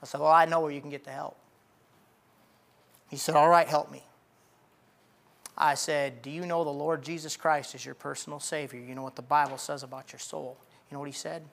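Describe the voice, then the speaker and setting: Preacher guy telling a story, gravelly, acts out the lines, gets loud and shouty. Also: fairly high pitch, brisk, pauses often. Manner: animated, acts out dialogue, builds to shouting. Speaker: pastor. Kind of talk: sermon storytelling.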